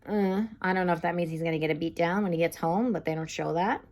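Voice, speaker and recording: A woman's voice: lowish voice, fast talker, a little mellow. A young woman giving a casual, chatty TV episode recap and review, full of fillers like "um" and "like". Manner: chatty, lots of fillers like "like" and "um", acts out quotes.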